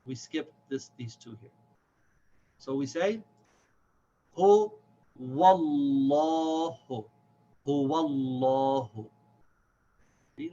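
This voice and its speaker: A man giving a patient step-by-step lesson on Quran reading, stretching the example words out slowly. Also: fairly high pitch, a bit bright. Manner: patient, slow, drawn-out chanted examples. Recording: dull lo-fi with faint hiss.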